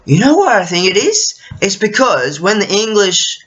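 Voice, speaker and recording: A man's voice: high-pitched, very animated, moderate pace, a bit bright. A man rambling casually to camera, often losing his thread and swearing freely. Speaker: vlogger. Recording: dull lo-fi recording.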